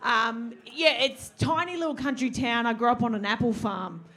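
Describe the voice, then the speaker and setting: A woman's voice: fairly high pitch, normal speed, fairly bright tone, rough recording. An Australian woman from rural Queensland, chatting in a pub interview and joking at her own expense. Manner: joking, self-deprecating. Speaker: radio host guest. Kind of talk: live interview chat. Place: pub with live audience.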